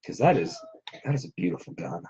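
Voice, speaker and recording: A man's voice: fairly low pitch, big pitch swings, quick pace, vocal fry, warm tone, slightly rough, dull audio. A man who makes props and cosplays, chatting casually and in a self-deprecating way. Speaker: cosplayer and prop maker. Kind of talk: casual chat.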